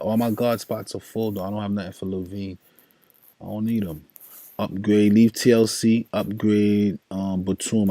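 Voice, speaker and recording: A man with a deep, mellow New voice runs through fantasy basketball picks on a livestream. He talks in loose slang, muttering his thoughts aloud and turning to chat with viewers. The sound is close and dry. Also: no room sound. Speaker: fantasy sports streamer.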